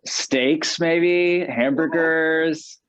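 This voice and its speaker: An American man, a guest author, talking in a casual interview in an animated, chatty way full of fillers. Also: a little high, extremely slow, smooth, no echo. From United States.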